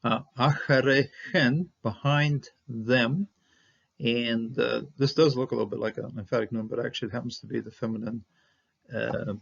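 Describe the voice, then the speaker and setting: A man teaching a casual verse-by-verse Hebrew lesson, halting and thinking aloud with many fillers and small chuckles. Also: medium pitch, steady tone, vocal fry. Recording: dull lo-fi recording.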